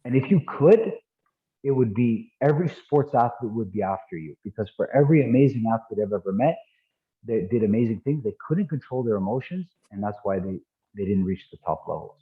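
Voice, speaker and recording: A man teaching martial arts in an animated, casual way over an online call, repeating himself and restarting sentences. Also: lowish voice, brisk. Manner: animated, repetitive, frequent false starts and laughs. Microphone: online video call. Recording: tinny phone-like audio.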